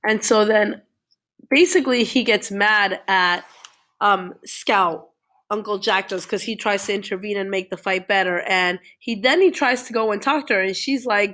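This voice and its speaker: A woman teacher reviews a reading with her class, retelling the story in a relaxed, conversational way. She keeps checking in with her listeners, tagging her sentences with "okay?" and "all right?". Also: medium pitch, normal speed.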